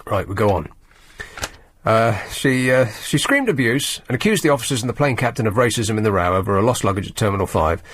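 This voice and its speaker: A man hosting a talk radio show, reading out news stories and mocking them in a sardonic, conversational way. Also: medium pitch. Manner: sardonic, reads news items and mocks them. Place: radio studio. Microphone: studio microphone.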